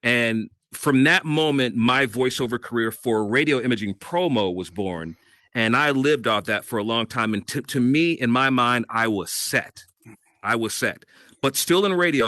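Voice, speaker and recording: A middle-aged man sits as a guest and tells how he built a career in radio and voiceover. His voice is bright and forward, and he stays animated, laughing through the story. The sound is close and dry. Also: mid-range voice, moderate pace, no room sound. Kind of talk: casual interview storytelling.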